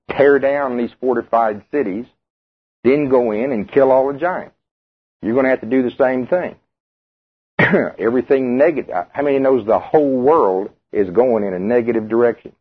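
Male preacher, husky voice, conversational sermon over a thin radio line. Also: medium pitch. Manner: conversational, asks the congregation questions. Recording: tinny radio broadcast.

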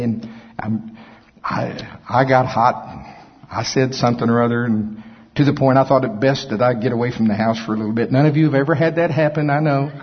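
A man preaching a sermon as pastor, telling folksy stories with self-mocking humor and a husky, raspy voice. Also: medium pitch. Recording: echoey hall, dull lo-fi sound.

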